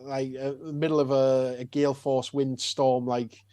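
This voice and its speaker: A man's voice: mid-range voice, little pitch movement, normal speed, mellow, no room sound. A man, a convention organiser talking casually on a podcast, rambling with lots of restarts and fillers. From North East England.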